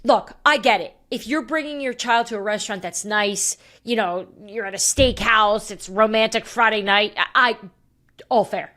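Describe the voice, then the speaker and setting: A woman podcast host tells a story in casual chat, animated and laughing often. She speaks at a medium pitch and normal speed.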